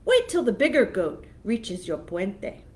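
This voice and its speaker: A woman voicing a tiny, timid billy goat who pleads in a shaky, very high voice for a storybook reading. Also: wildly swooping pitch, a little slow. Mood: pleading.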